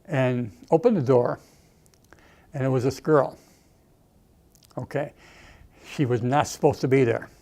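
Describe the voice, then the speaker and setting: A man's voice: medium pitch, a little slow, pauses often, darkish tone. An older man, an Army veteran, reminiscing emotionally in a documentary interview, often saying "okay" and "you know".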